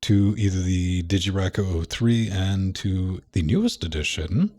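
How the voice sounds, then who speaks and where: A man's voice: low voice, lively intonation, a little slow, mellow. A man co-hosting a tech podcast in casual chat, joking and self-deprecating as he talks. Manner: joking, self-deprecating, puts on mock voices. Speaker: podcast co-host. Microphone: studio mic.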